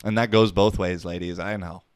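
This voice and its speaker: Low-voiced man ranting casually, dry sound. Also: fairly even intonation, normal speed, clear, resonant tone, no room sound. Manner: rambling, profane and wisecracking. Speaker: podcast host. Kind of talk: casual solo podcast monologue.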